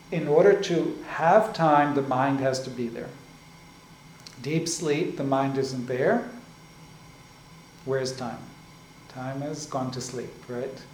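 A man giving a spiritual discourse as a teacher. He explains slowly and often checks in with "right?" and "like this". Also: medium pitch. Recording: echoey room with faint ambient noise.

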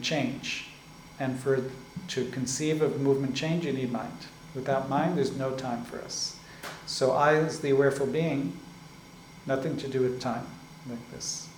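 A man giving a spiritual discourse as a teacher. He explains slowly and often checks in with "right?" and "like this". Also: mid-range voice. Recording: echoey room with faint ambient noise.

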